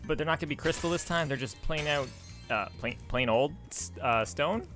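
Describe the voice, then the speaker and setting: A man giving casual, rambling commentary while playing a video game, chatty and quick to laugh. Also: on the high side, a bit bright, faint music behind. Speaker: let's play host.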